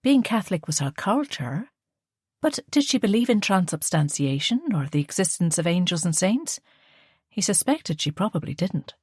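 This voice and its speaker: A woman reads a novel aloud at a measured, storytelling pace. Her voice sits low, and the recording is close and dry, with no room around it. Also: big pitch swings, darkish tone, slightly rough, no room sound. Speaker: audiobook narrator. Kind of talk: scripted narration.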